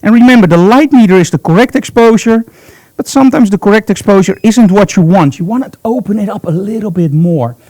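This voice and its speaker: A man's voice: high-pitched, a little fast, darkish tone. A man teaching photography live in a studio, talking chattily and upbeat as he thinks aloud while he works. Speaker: photography instructor.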